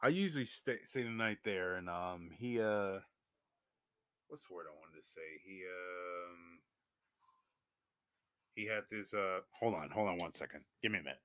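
A young man casually telling a story to his viewers, animated and swearing freely, his voice jumping up when he gets excited. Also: low voice, normal speed, pauses often, no echo, studio quality. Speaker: vlogger.

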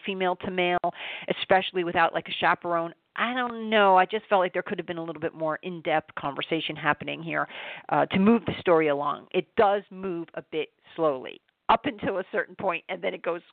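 A woman giving a chatty, animated film review, restarting her sentences often. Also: on the low side, creaky, no echo. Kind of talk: casual spoken film review. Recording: dry, tinny phone-like sound.

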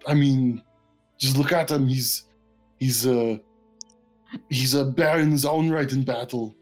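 A man's voice: mid-range voice, steady tone, measured pace. Laid-back man tabletop player. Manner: casual, laid-back, swears. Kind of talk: tabletop game role-play. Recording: faint background music.

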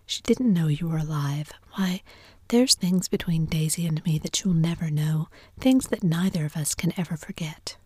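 A woman's voice: on the low side, steady tone, moderate pace, darkish tone, slightly rough, no room sound. A woman whispering the part of a brash, domineering wealthy husband in a whispered role-play reading.

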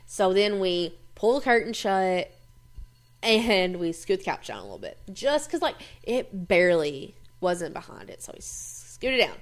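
A woman telling childhood stories in casual chat. She is animated, laughs often, swears freely and acts out what people said. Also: medium pitch, measured pace. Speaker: host.

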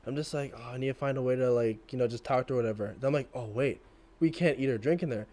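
A man's voice: mid-range voice, very fast, warm tone. A young man casually telling a story about himself, laughing at his own awkwardness. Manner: laughing, self-mocking storytelling. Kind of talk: casual chat.

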